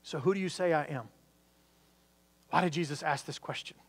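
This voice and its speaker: A man's voice: fairly high pitch, moderate pace, breathy edge, in a large hall. A man preaching a sermon, talking earnestly with frequent restarts and building emphasis. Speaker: pastor.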